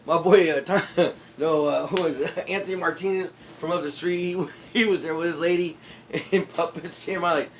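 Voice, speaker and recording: A man in a casual vlog, telling a story from his youth in a rambling, loose way. He swears freely and laughs often, in a slightly high voice. Faint background noise runs under him. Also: fairly even intonation, normal speed.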